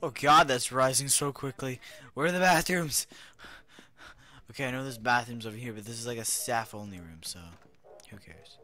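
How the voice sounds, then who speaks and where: A young gaming commentator offers goofy, playful remarks over a video game at a medium pitch and normal speed. He chats with the characters and swings between loud outbursts and hushed whispers.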